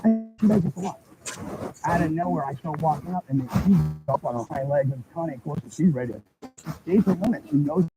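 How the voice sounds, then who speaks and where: A man's voice: on the high side, fairly quick, loud music behind the voice, rough recording. A man giving a heated, rambling account while walking his rural property, filmed on a handheld phone. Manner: rambling, heated, swearing, restarts often. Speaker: property owner making a public statement. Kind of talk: agitated outdoor livestream account. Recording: loud outdoor background noise.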